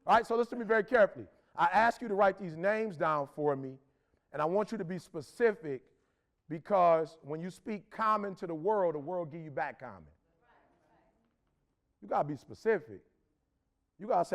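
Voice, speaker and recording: A man's voice: high voice, very animated, brisk. A middle-aged man from Detroit giving an urgent, preachy motivational speech to a live audience, slangy and repeating lines for emphasis. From Detroit, Michigan, USA. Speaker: motivational speaker.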